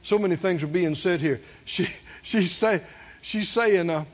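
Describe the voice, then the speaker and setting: A man preaching a sermon, calling on the congregation to answer, dropping to near whispers and rising to loud peaks. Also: high voice, measured pace, muffled recording. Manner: call-and-response preaching, swinging from hushed to loud. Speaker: pastor.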